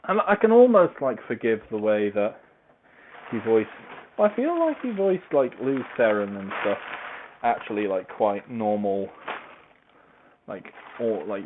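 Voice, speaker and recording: A man talking in a casual, meandering, self-deprecating monologue while he moves about tidying his home. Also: on the low side. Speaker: podcaster reviewing a book series. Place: at home, large open-plan room. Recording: tinny phone-like recording, faint noise.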